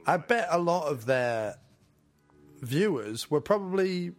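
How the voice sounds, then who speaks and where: A man's voice: a little high, animated, takes it slowly, faint music behind. A man co-hosting a podcast, giving casual movie commentary in a mocking, joking manner and slipping into silly impressions. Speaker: podcast co-host.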